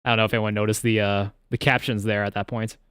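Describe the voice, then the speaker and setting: A man's voice: lowish voice, level tone, fast talker, a bit bright, smooth, no echo, clean studio sound. A man hosting a casual live stream, rambling and laughing often as he talks. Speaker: streamer and charity host.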